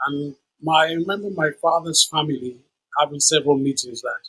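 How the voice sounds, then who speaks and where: A man's voice: on the high side, fast talker, breathy edge, low-quality recording. A man, telling stories as a guest in an interview and acting out the people he quotes. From Nigeria. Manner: animated storyteller who acts out the people he quotes. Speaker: guest musician. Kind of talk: storytelling interview.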